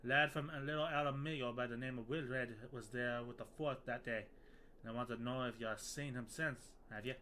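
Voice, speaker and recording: A man voicing a blunt, worried male mercenary captain in a put-on rough British-style accent, reading game dialogue in a gruff, slangy way. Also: mid-range voice, fairly even intonation, a little fast, pushed and bright, a little hiss or hum, natural voice. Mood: gruff, confiding.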